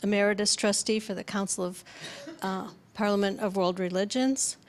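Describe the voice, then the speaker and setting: A woman's voice: mid-range voice, steady tone, moderate pace. Lady hosting, reading upcoming events, lots of ums and uhs. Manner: hesitant, many fillers. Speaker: event host. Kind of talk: announcements. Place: lecture room with audience.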